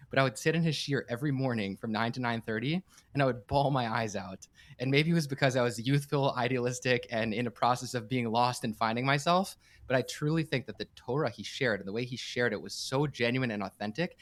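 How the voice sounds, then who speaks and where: Fast-talking earnest man. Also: mid-range voice, a bit bright. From United States. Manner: earnest, heartfelt, quick with frequent restarts. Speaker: podcast guest, campus director and startup coach. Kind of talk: personal storytelling in a podcast interview.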